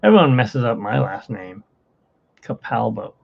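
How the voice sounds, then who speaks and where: A man's voice: medium pitch, very animated, measured pace, creaky. A man hosting a casual livestream from his phone, rambling and chatty with frequent laughs, in dull lo-fi phone audio. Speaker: livestream host.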